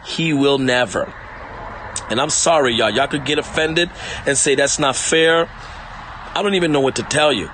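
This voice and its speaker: A man's voice: mid-range voice, moderate pace, a bit bright, a little hiss or hum. A man preaching an online sermon, repeating lines emphatically and addressing listeners directly.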